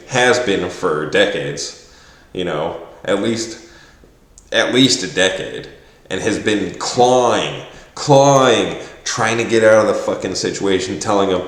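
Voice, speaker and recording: A man's voice: sits low, animated, measured pace. A man rambling through a profane, exasperated rant to camera, often mimicking other people's voices. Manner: quotes others in mocking voices. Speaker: vlogger. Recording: echoey room.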